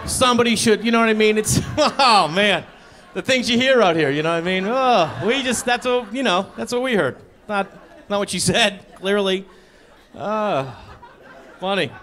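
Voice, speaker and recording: A man in his thirties doing stand-up comedy, excitable and bursting into loud, incredulous outbursts. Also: sits high, normal speed. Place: comedy stage before a live audience.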